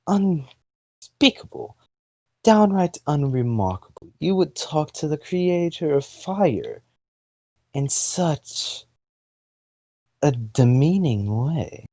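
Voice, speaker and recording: A man's voice: fairly high pitch, sing-song, takes it slowly, long pauses, warm tone, no echo, pitched above the performer's own voice, full character voice. A young man putting on a haughty British fire goddess. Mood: scornful. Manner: imperious, scornful.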